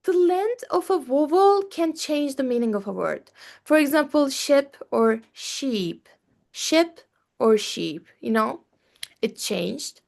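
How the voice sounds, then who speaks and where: Young woman doing a class presentation, high voice, careful and slow, lots of uhs. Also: lively intonation, creaky, darkish tone. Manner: careful, with many fillers and pauses. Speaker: student presenter.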